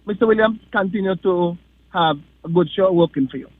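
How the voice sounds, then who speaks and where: A man's voice: high voice, a little fast, dry recording. A man calls into a radio show, giving encouraging comments with many fillers. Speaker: radio caller. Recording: tinny dry phone line.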